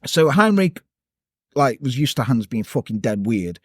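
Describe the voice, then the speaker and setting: A man's voice: mid-range voice, very animated, normal speed, no echo, clean studio sound. A man casually telling a true-crime story on a podcast, sweary and jokey.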